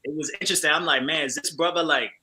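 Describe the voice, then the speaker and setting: A man co-hosting a talk show, speaking in relaxed, slangy, enthusiastic casual chat. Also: fairly high pitch, very fast. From family from Trinidad. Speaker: co-host.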